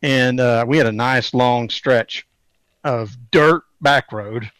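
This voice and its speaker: A man's voice: medium pitch, slow pace, a bit bright, clear, resonant tone, no echo. Man, podcast co-host, casual chat, laid-back, chuckles, dry recording. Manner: laid-back anecdote teller who chuckles.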